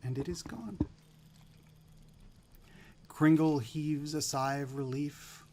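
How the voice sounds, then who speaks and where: Man game master, unhurried storytelling narration, slightly high. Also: noisy background. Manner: relaxed storytelling with filler pauses.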